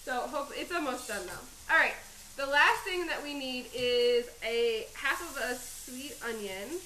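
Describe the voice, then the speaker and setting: A woman's voice: high-pitched, a little slow, bright, forceful tone, echoey room, slight background noise, poor audio. A woman hosting a live home cooking stream, chatting and rambling as she chops, teary-eyed from onions. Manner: chatty and rambling, laughing at herself. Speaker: cooking show host. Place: home kitchen.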